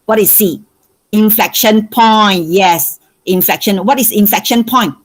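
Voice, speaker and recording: A woman's voice: medium pitch, measured pace, low-quality recording. Malaysian woman teacher coaxing answers. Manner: coaxing, asks questions over and over. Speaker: maths teacher. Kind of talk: online revision lesson.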